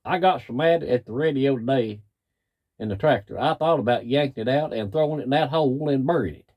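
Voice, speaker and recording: A man's voice: mid-range voice, fairly quick, dull audio. A middle-aged man, a cattle farmer ranting in plain, folksy, angry talk. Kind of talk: frustrated rant to camera.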